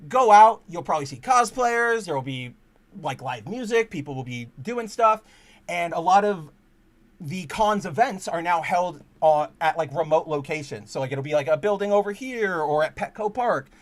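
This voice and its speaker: Young man, podcast host, slightly high voice, casual rambling storytelling, excitable, swears a lot. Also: normal speed. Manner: rambling, excitable, lots of restarts and profanity.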